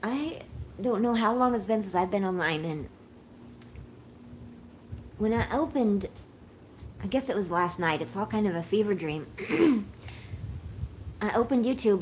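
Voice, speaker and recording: A woman in her forties chats with her viewers on a casual livestream. She sounds shaky and unwell, and she rambles with emotion and thanks them again and again. A faint hum of room noise sits behind her. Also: mid-range voice. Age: 40s.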